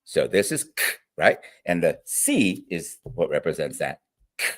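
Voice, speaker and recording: A man in a conversational interview, explaining teaching methods with animated emphasis and frequent "right?" check-ins. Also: deep voice, measured pace. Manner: animated, demonstrates sounds, frequent "right?" and "all right?". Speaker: guest literacy educator.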